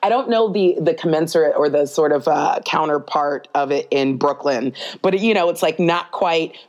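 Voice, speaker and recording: A woman guest on a podcast, chatting casually in a rambling, animated way and laughing often. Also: deep voice, moderate pace, muffled recording. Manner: rambling asides with many fillers. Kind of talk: casual conversation.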